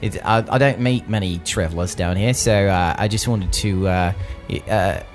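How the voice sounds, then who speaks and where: A man's voice: sits low, normal speed, soft background music, lightly acted. A man voicing a nervous, chatty male wanderer who stammers and rambles in a put-on British accent. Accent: British-sounding put-on.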